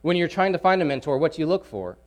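A man preaching a sermon, emphatic, repeating key phrases and swinging between loud pushes and hushed asides. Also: a little high, big pitch swings, fast.

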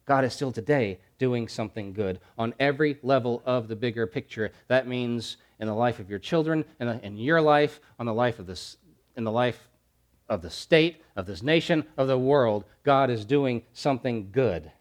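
A man preaching a sermon, building to loud emphatic repeated phrases, then dropping to quiet, soft lines. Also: mid-range voice, moderate pace. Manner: preaching with swelling emphatic repetition and dramatic drops to quiet. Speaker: pastor.

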